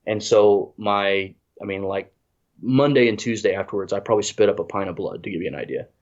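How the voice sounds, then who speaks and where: A man's voice: lowish voice, brisk. A congested man telling a rambling, self-deprecating story in casual chat, full of restarts. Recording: dull lo-fi audio.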